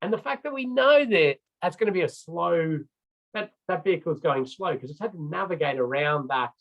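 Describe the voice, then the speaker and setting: A man's voice: on the high side, lively intonation, moderate pace, gravelly. A middle-aged man giving an informal training presentation as a road safety trainer, chatty and rambling, with many fillers and restarts. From Australia. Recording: slightly dull lo-fi recording.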